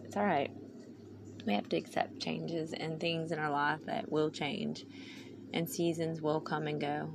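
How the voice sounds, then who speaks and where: A woman's voice: deep voice, steady tone, measured pace, creaky. A woman hosting her podcast, talking in a rambling, heartfelt way with a valley-girl lilt. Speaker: podcast host. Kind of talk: casual personal monologue. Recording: noisy recording.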